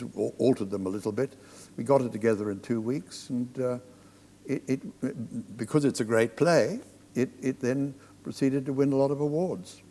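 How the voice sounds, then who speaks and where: An older man recounts backstage stories in a reflective, storytelling way before a live audience. His voice sits at an ordinary middle pitch, and a long reverb from the theatre hall trails his words. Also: darkish tone. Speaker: stage director, guest. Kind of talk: live on-stage conversation.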